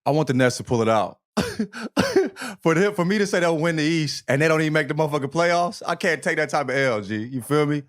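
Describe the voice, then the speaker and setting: A relaxed man talking in a loose, slangy way, with a lively, bouncing pitch. He says he is high and chats casually, and the dry recording has no room sound. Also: fairly quick, no room sound. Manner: laid-back slang-heavy talk, says he is high. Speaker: podcast co-host. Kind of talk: casual sports chat.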